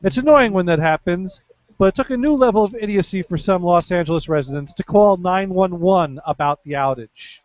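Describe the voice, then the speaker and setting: A man with an East Coast American accent reads offbeat news on a casual podcast, dropping dry, sarcastic asides. His voice sits high for a man. The audio is dry and dull, lo-fi. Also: fairly quick, no echo. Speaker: podcast co-host reading news. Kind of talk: casual chat, reading news stories.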